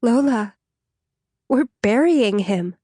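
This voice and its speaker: Here a woman puts on a young woman who is flustered and earnest, grieving but awkward about it. The voice sits high and breathless, spilling out apologies, in a dry audiobook reading. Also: lively intonation, takes it slowly, mellow, no room sound. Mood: tearful, flustered.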